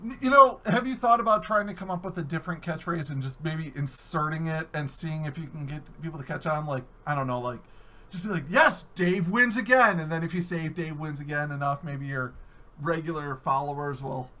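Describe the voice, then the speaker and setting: A man's voice: fairly high pitch, steady tone, a little fast, sharp tone. A man hosting a casual podcast interview, chatty and easygoing as he asks questions. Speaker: podcast host.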